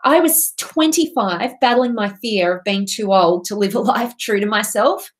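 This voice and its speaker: A woman's voice: mid-range voice, normal speed. A woman coach giving an earnest, impassioned motivational talk to her viewers. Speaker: transformational coach and speaker.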